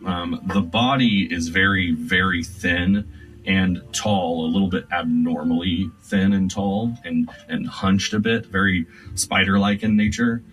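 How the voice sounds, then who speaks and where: A man narrating scenes as game master of a tabletop game, describing them slowly with many fillers. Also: deep voice, steady tone, fairly bright tone. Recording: distant mic with faint music.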